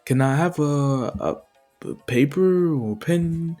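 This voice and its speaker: A hearty, upbeat adult superhero, put on by a man, pitched a little above a plain speaking voice. He talks slowly and cheerfully. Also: mellow, faint music behind. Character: hearty grown male superhero.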